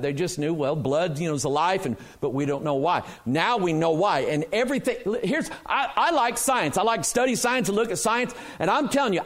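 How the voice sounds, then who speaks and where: High-voiced preacher asking questions. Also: male voice. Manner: emphatic, asks the congregation questions. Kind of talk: sermon. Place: church.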